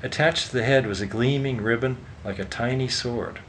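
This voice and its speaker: Male narrator, mid-range voice, steady storytelling, low rumble behind. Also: normal speed, poor audio. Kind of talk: audiobook narration.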